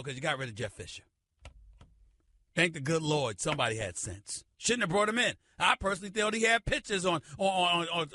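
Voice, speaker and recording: A male sports radio host with a very high, piercingly bright voice, shouting and hammering home every point. The studio sound is completely dry and close. He talks in an emphatic, theatrical tirade. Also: no echo. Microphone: studio microphone.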